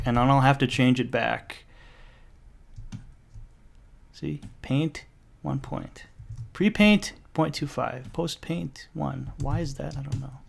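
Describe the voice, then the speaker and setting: A man talking through a software drawing tutorial in a casual, rambling way, breaking off into jokey asides. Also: mid-range voice, steady tone, measured pace, vocal fry, hardly any pauses. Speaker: tutorial maker.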